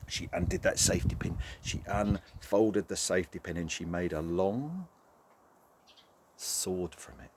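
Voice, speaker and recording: A man telling a folk tale to children, animated and talking straight to the young listeners. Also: low voice, a little hiss or hum. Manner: animated, talks directly to children. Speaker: storyteller. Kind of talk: children's story narration.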